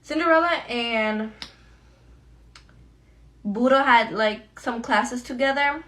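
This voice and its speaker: A woman's voice: fairly high pitch, takes it slowly, a bit bright. A young woman chatting casually while getting ready, telling a storytime to her viewers in a slangy, friendly way. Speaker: beauty vlogger. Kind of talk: get-ready-with-me storytime chat.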